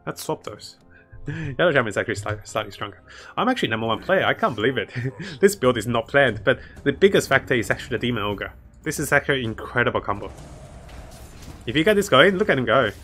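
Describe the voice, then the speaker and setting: A man's voice: medium pitch, a bit bright. Upbeat male streamer talking through his game over light background music, greets chat, laughs easily. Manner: chatty, laughs often, greets chat viewers. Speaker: streamer playing a strategy game. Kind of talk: live game commentary.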